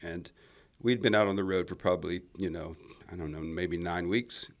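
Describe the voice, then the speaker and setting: A man's voice: deep voice, steady tone, moderate pace. A man from Alabama, a country singer telling rambling stories in a casual interview. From Alabama, USA. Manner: rambling storyteller, many restarts and fillers.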